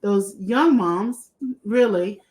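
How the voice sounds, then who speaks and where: A woman's voice: mid-range voice, drawn-out words. A middle-aged woman hosting a podcast, chatting casually with a guest and heaping on praise. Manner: warm, effusive, repeats praise. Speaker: podcast host. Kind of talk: casual interview chat.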